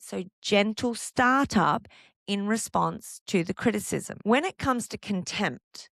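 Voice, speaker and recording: A woman hosting a podcast on couples' relationships, calmly explaining and asking the listener one rhetorical question after another. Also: fairly low pitch, dry recording, clean studio sound. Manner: calm, explanatory, reassuring. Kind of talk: solo podcast monologue.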